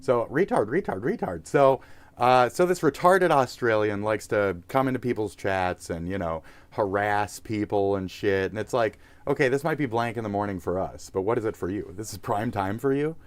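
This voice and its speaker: Man, fairly low voice, livestream host, profane mocking rant, rambling delivery. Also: expressive, normal speed, no echo. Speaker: live streamer.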